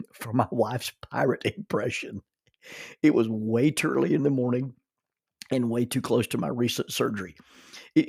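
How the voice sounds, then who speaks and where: A man's voice: medium pitch, gravelly, slightly rough, no echo, clean studio sound. A middle-aged man telling a personal story in a folksy, chuckling way. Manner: folksy, chuckles through his stories. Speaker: storyteller and minister.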